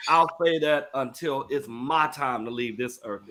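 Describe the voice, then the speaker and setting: Bright earnest middle-aged pastor host. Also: male voice, mid-range voice, unhurried. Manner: earnest, repeats phrases for emphasis. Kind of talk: emotional talk-show testimony.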